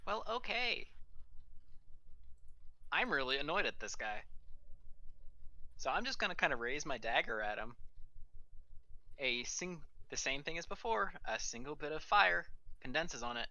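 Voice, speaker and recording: Lively swearing player, bright tone, lo-fi call. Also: mid-range voice, no room sound. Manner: lively, swearing, quick to laugh. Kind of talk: playing a tabletop game.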